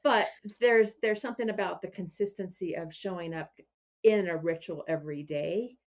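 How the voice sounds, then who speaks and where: A woman business coach and podcast guest, telling stories in a relaxed way and often restarting her phrases. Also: lowish voice, normal speed, muffled recording. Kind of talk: casual interview chat.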